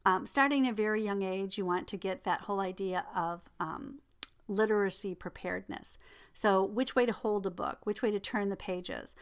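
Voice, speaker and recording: A woman's voice: medium pitch, normal speed, clear, resonant tone. A middle-aged woman lecturing casually, filling her talk with ums and personal stories. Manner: relaxed, filler-heavy explanation with personal anecdotes. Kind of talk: recorded lecture.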